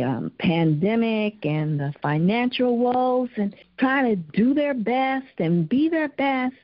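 A woman speaking calmly and deliberately on a church prayer line. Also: fairly low pitch, no echo, dull audio.

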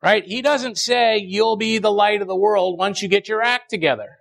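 A male pastor, preaching a sermon with emphatic repetition and dramatic pauses. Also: high-pitched, creaky, a bit bright.

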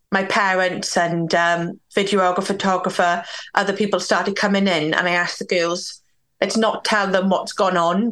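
Low, flat-voiced woman telling her story. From Wales. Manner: candid, talks with many "like"s and acts out quoted dialogue. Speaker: guest. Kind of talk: personal storytelling in a podcast interview.

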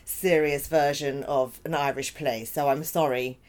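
Woman actor, guest on a chatty interview, self-deprecating and giggly, voice a bit low for a woman. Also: fairly even intonation, unhurried, a little mellow. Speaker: stage actor. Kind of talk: casual interview.

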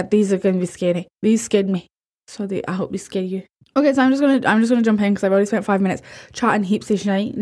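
A Scottish woman hosting a podcast, chatting in a bubbly, rambling, excitable way. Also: medium pitch. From Scotland. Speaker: podcast host. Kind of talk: casual chat.

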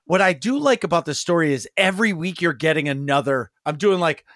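A man's voice: on the high side, animated, a little fast, fairly bright tone, dry recording, studio quality. A man in his thirties co-hosting a podcast, chatting casually in a rambling, enthusiastic and joking way. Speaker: podcast co-host. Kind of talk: casual chat.

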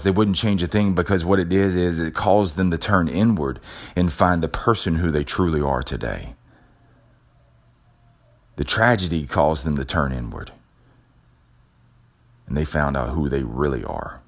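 A man with an extremely low, booming-deep voice delivers a motivational talk as a show host. He leans on repetition and builds an emphatic, preacher-like cadence. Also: moderate pace, long pauses. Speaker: podcast host.

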